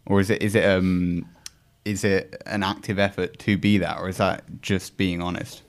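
Deep male host, polite and hesitant interviewer. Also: level tone, normal speed. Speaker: podcast host. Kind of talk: casual interview questions.

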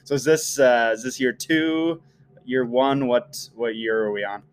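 Man hosting a relaxed chat. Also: medium pitch, measured pace, smooth, rough recording. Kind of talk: casual chat.

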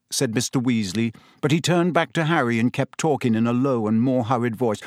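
A man narrating an audiobook chapter in an expressive storytelling voice. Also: mid-range voice, fairly quick, hardly any pauses, dry recording, studio quality.

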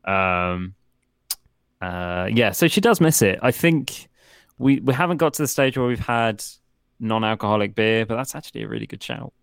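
British male co-host, thirties, low gravelly voice, dry close sound, relaxed and hesitant. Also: normal speed, no room sound. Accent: British English. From United Kingdom. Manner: easygoing, laughs along, hesitant fillers. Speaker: podcast co-host. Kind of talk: casual podcast chat.

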